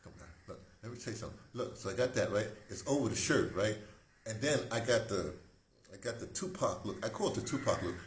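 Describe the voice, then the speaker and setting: A man around seventy hosts a rambling, conversational monologue, frequently breaking off and circling back mid-thought. His fairly low voice is animated and fast. It's recorded indoors in an echoey room with faint hiss.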